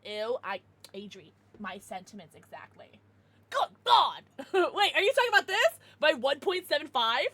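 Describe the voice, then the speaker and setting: A woman streamer chatting casually with her viewers, excitable and swearing freely. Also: sits high, normal speed, no echo. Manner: laughs and gasps often. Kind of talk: casual livestream chat with viewers.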